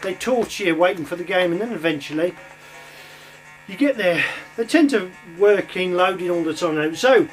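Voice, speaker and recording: A man's voice: high-pitched, expressive, moderate pace, soft background music. A man casually chatting while playing and reviewing old computer games, rambling with lots of ums and uhs. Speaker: retro game reviewer. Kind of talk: casual gameplay commentary.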